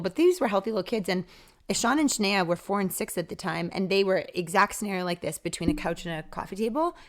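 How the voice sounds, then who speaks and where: A woman guest on a podcast telling a personal story in casual talk, acting out quoted dialogue with lively shifts. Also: on the low side. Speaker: podcast guest, author and speaker.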